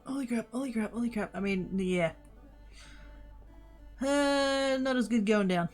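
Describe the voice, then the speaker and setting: A woman streaming a game, chatting casually and muttering to herself as she plays, easily excited. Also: fairly high pitch, slow pace, soft background music. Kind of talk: casual gaming livestream chat.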